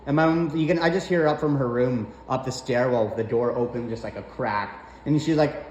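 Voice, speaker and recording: A man's voice: mid-range voice, a little fast, a little hiss or hum. Profane, ranting man in an echoey room. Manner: profane, animated, exasperated. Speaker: storyteller. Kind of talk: casual storytelling rant.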